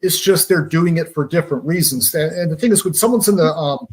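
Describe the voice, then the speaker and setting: Male radio guest from Georgia, analytical, fond of pop analogies, slightly higher voice. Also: brisk, a little mellow. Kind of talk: conversational explaining.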